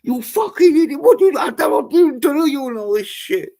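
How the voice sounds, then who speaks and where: A man putting on the voice of a furious male phone scammer who shouts insults. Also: very high voice, expressive, fairly quick, voice pushed up.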